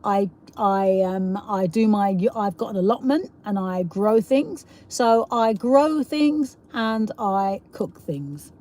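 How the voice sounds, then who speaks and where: A middle-aged woman with a South East London accent chats casually on her live stream. She rambles from one thought to the next, laughs often and reads viewers' comments aloud. Her voice sits at an ordinary pitch for a woman. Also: slow pace, hardly any pauses, warm tone. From England. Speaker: livestream host.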